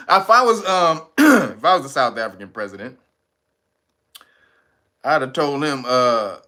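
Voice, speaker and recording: A man hosting casual political commentary, profane and animated, laughing often. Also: a little high, a little slow, long pauses. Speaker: commentary channel host.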